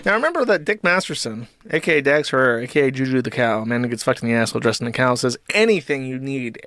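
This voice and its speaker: A man's voice: medium pitch, animated, fairly bright tone, dry recording. Profane male streamer, dry close sound. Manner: profane, rambling, fast asides. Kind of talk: live stream commentary.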